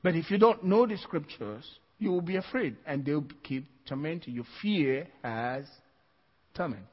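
A man with a slightly high, expressive, breathy voice preaches unhurriedly to a congregation. He drives his points home by repeating key phrases, with small laughs in between. The church hall audio is dull lo-fi with long reverb.

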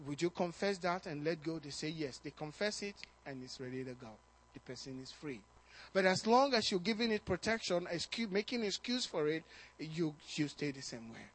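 A man pastor preaching a sermon, telling personal stories in an animated way, often repeating words and rising in excitement. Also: a little high, normal speed.

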